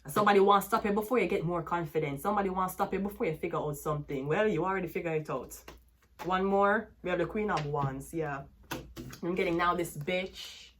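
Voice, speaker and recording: A woman's voice: fairly low pitch, a little fast, slight background noise. A woman with a Jamaican accent giving a tarot reading as a brash, cursing rant that slips into patois. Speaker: tarot reader.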